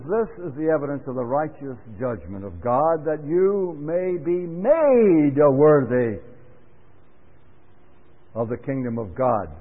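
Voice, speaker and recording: A man giving a Bible class talk in an earnest, deliberate sermon style, stressing key words with sudden rises. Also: medium pitch. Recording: phone-like sound with long reverb in a hall.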